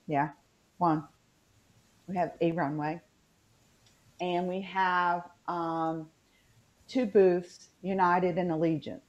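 Southern appalachian lady rambling on a video call, lowish voice, kinda muffled audio. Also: slow, long pauses. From West Virginia. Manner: rambling, chatty, many fillers. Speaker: podcast co-host. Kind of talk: casual chat.

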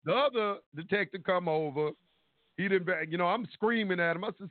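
High-voiced man telling a story over the phone. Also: fairly quick, dry recording. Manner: animated storytelling, acting out quotes, swearing. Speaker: caller. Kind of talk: call-in radio storytelling. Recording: tinny phone line, dry.

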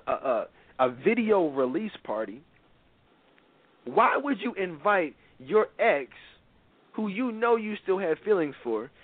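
A man with a fairly high voice delivers opinionated talk-radio commentary, blunt and preachy, stressing his points hard. The sound is dry and thin, like it's coming down a phone line. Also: no echo. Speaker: radio show host.

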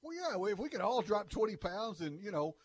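A man's voice: high-pitched, big pitch swings, brisk. Teasing man hosting sports radio. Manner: teasing, laughs often. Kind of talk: casual radio banter.

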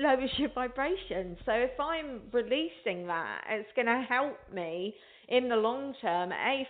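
A woman hosting a spiritual talk show, chatting in a rambling way and speaking straight to her listeners. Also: on the high side. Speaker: radio show host. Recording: tinny phone line.

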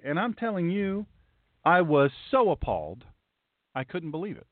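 A man's voice: fairly high pitch, very animated, normal speed, no echo. A man, a pastor doing political commentary, reads legal text aloud with emphatic, indignant asides. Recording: tinny phone-like dry sound.

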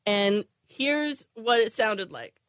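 A woman co-hosting a casual podcast chat, telling stories in an animated way and slipping into mimicry. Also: fairly high pitch, slow. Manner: animated storyteller who mimics voices. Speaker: podcast co-host.

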